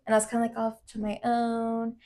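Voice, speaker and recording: A young woman with a fairly high voice tells a personal story on a casual podcast, candid and loose, filling her speech with "like" and dropping swear words. She talks easily, as if to a close friend. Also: monotone, brisk, dark tone. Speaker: podcast co-host. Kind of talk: casual chat.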